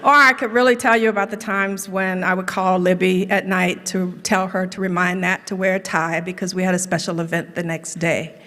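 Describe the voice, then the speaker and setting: Middle-aged woman, low voice, humorous tribute speech, dry storytelling, long hall reverb. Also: little pitch movement, normal speed, sharp tone. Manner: storytelling with dry running jokes. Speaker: colleague giving a tribute speech.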